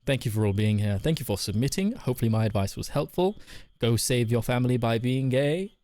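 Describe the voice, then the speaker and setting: A man's voice: mid-range voice, expressive, a little fast, mellow. A man hosting a live stream, giving casual advice and reading chat messages aloud with a joking manner. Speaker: streamer host.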